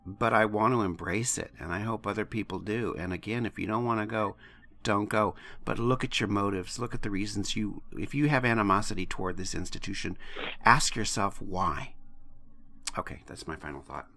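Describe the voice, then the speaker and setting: Gravelly, bright-voiced man co-hosting. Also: fairly low pitch, brisk, slight background noise. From United States. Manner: impassioned, blunt, swears freely. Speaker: podcast co-host. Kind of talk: casual podcast chat.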